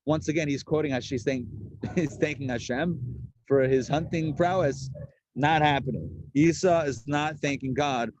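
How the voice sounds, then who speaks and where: A man, a rabbi, teaching a live Torah class in a chatty, lively way and acting out the people he quotes. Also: medium pitch, moderate pace.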